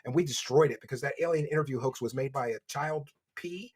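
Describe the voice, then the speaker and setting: A man with a Philadelphia accent hosting a livestream, reading donations and mocking his subject with loud bursts. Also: medium pitch, a little fast, husky. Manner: mocking, loud bursts, reads chat aloud. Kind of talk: casual livestream commentary. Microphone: desk microphone.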